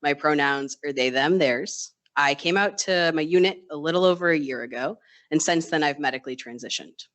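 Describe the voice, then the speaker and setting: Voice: mid-range voice, brisk, fairly bright tone. An ICU nurse telling a true personal story on stage in a conversational way, with dry self-deprecating humor and acted-out snippets of colleagues and patients. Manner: acts out quoted voices of others. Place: live storytelling stage event.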